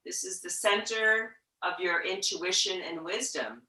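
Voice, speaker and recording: A woman teaching a yoga class, talking slowly and gently, sometimes dropping to a whisper to show the breath. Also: on the low side, recorded from a distance. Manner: slow, gentle guiding with soft whispered breath demos. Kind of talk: guided yoga instruction. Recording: echoey room, voice from off-mic.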